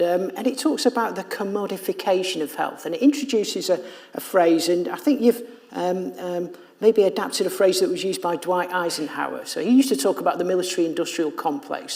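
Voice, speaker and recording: A woman chairing an on-stage interview, enthusiastic about the book and slightly halting as she frames her question. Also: lowish voice, darkish tone. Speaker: event chair interviewing the author.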